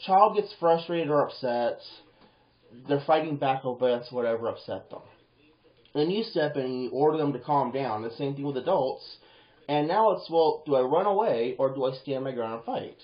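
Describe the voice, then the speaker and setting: A man giving advice in a casual monologue, animated and rambling, breaking into quoted voices and swearing now and then. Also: medium pitch, moderate pace. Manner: animated, acts out quoted lines in bursts, swears; rambling with restarts and fillers. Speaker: vlogger. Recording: roomy, dull lo-fi home video.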